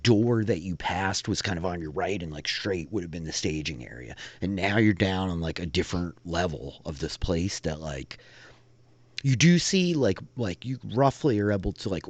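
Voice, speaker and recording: A man's voice: low voice, no echo. A man narrating a tabletop game as game master, rambling with many fillers.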